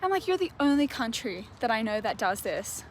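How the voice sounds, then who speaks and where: A woman's voice: on the high side, sing-song, a little fast. A woman with an Australian accent ranting in a casual, exasperated, chatty way with many "like"s. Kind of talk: casual video rant. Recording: faint background noise.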